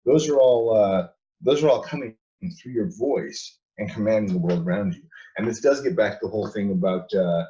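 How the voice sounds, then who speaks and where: A man's voice: on the low side, moderate pace, mellow, poor audio. A man talking as a guest in a casual interview, emphatic, repeating and restarting his words, laughing between points.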